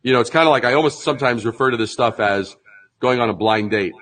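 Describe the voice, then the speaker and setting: A man interviewed as a branding expert explains things in an animated, conversational way, acting out mock sales pitches and laughing often. He talks fast, and the recording is rough.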